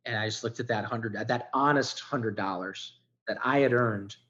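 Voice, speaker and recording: A man's voice: fairly low pitch, normal speed, pushed and bright, muffled recording. A man in his fifties from Ohio, a podcast guest telling his life story in a candid, emotional way with casual swearing. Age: 50s.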